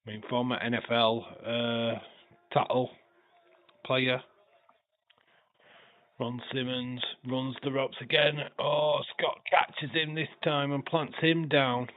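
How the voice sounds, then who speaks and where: A man of ordinary pitch calls a wrestling match for a livestream, tired and stuffy-nosed. He talks loosely, swears casually, and jumps into excited shouts at big moves. His voice sounds thin and phone-like. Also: slow, pauses often. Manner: loose play-by-play with swearing and sudden excited bursts. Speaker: livestream host. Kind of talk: casual wrestling watch-along commentary.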